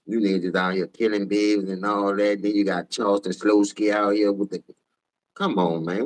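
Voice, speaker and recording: A tired man with a New Orleans accent ranting profanely on a casual sports livestream, switching between low mumbles and loud outbursts. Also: very animated, normal speed. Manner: profane, heated, jumps between mumbling and shouting.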